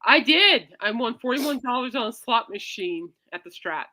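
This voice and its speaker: Chatty woman host rambling thru stories, bright voice, jumps all over in pitch. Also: normal speed, a little hiss or hum. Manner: animated storyteller, swings loud and soft, addresses listeners as "people". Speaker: podcast host. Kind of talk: casual rambling chat.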